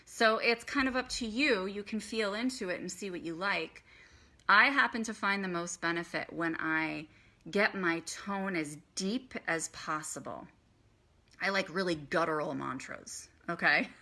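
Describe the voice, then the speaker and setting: A woman's voice: on the low side, unhurried, pushed and bright. A woman teaching meditation in a chatty live stream, guiding the listener through breathing and chanting. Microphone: phone.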